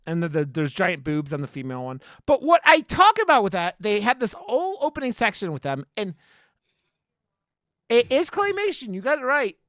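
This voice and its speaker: A podcast co-host chatting casually at a middle pitch, rambling and swearing, with many "like"s and restarts. The recording is close and dry. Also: wildly swooping pitch, moderate pace, fairly bright tone, no room sound. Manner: rambling, profane, lots of likes and restarts. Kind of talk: casual chat.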